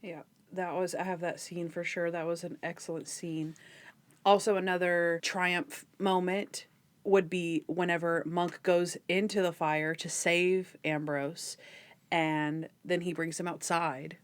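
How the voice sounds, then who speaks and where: A woman's voice: lowish voice, flat delivery, unhurried. A woman hosting a podcast, chatting casually and giggling as she recaps a TV show. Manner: chatty, giggly, acts out scenes in quotes. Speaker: podcast host.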